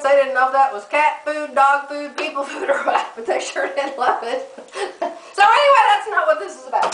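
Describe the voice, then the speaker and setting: A woman's voice: fairly high pitch, sharp tone, slight background noise. A middle-aged woman chatting to camera, telling a funny story and laughing often. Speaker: vlogger. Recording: echoey room, mic at a distance.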